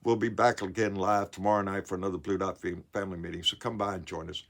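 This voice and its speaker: A man's voice: low voice, flat delivery, quick pace, vocal fry. A man, ranting angrily about politics to camera, swearing, repeating himself and stumbling over his words. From Texas. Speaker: political vlogger. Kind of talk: angry political rant to camera.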